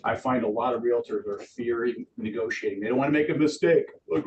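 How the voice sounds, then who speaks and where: A middle-aged man giving a lively live training talk to realtors in an office, acting out quotes in voices. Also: medium pitch, brisk, lo-fi sound. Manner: animated, acts out quotes in voices. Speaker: real estate trainer. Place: office meeting room. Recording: distant room mic with background noise.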